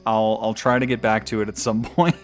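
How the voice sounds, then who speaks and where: A man's voice: on the low side, level tone, a little fast, faint music behind. A man streaming a video game, giving rambling casual commentary and chuckling often.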